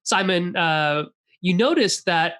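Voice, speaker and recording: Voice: medium pitch, expressive, fairly bright tone. A game master describes the scene to the players in loose, casual speech. The narration stops and starts, full of fillers. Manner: casual and halting, many fillers.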